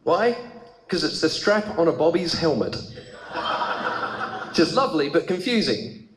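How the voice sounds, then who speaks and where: An Australian man performing stand-up in a large theatre, his fairly high voice bouncing around a roomy hall. He spins stories in an easy, chatty way, then jumps up with lively, animated punchlines. The live recording carries clear audience noise and reverb behind him. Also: measured pace. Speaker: stand-up comedian. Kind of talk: stand-up comedy routine.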